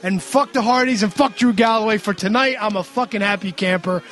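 A man with a very high voice tears through a recap, swearing constantly. He gets excited and loud as he acts out what people said. The talk is casual and fast-moving. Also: faint music behind. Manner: profane, excitable, acts out quotes loudly. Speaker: podcast co-host recapping wrestling. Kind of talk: casual chat.

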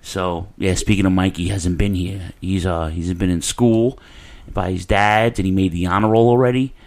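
A man, hosting a casual podcast chat in a rambling, profane, animated way. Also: low voice, moderate pace. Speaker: podcast host.

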